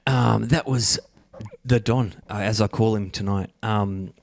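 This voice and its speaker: A man hosting a casual podcast chat, leading the show with chatty talk and drawn-out ums. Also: fairly low pitch, fairly even intonation, creaky, no room sound, clean studio sound. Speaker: podcast host.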